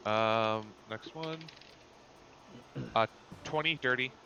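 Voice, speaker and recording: A man's voice: on the low side, slow, sharp tone, lo-fi sound, slight background noise. A man playing a tabletop game, dry and blunt, swearing freely. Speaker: player. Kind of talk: casual tabletop play.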